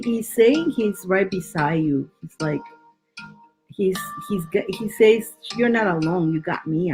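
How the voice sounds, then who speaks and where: A woman's voice: lowish voice, darkish tone. Woman tarot reader on a live stream; reassuring, chatty, stumbles and repeats herself; faint background music. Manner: reassuring, chatty, many restarts and repeated words. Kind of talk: live-streamed psychic reading.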